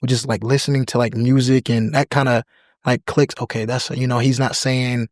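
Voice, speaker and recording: A young man from the United States, a podcast guest in casual chat, relaxed and full of "you know" and "like" fillers, now and then imitating accents. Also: medium pitch, moderate pace, dry recording, clean studio sound. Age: young adult.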